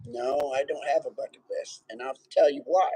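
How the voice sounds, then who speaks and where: An older man from Nebraska, a retired Navy veteran, telling about his life in a plainspoken, halting way. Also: medium pitch, warm tone, slightly rough, low-quality recording. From Nebraska, USA. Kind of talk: casual chat. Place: outdoors by a fire.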